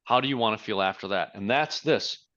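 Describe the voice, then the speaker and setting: In a lowish voice and a fairly quick pace, a male leadership coach gives a bright, forceful motivational talk. Emphasis and rhetorical questions drive his delivery, while the audio comes across as dull and lo-fi.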